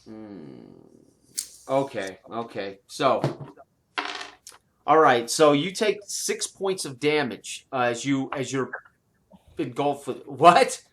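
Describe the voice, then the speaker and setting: A man running a tabletop game as game master, narrating with halting pauses and fillers. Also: medium pitch, lively intonation, a bit bright, slight background noise. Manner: halting, many fillers and restarts while narrating.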